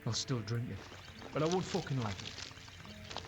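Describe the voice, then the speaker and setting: A man voicing a gruff male warrior companion in a video game, grumbling and swearing wryly. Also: medium pitch, very animated, a little slow, music in the background.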